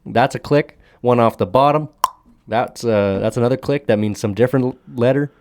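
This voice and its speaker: A man's voice: mid-range voice, normal speed, darkish tone. A man co-hosting a podcast, chatting casually over drinks, cracking crude jokes, swearing freely and laughing often. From Alberta, Canada. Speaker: podcast co-host.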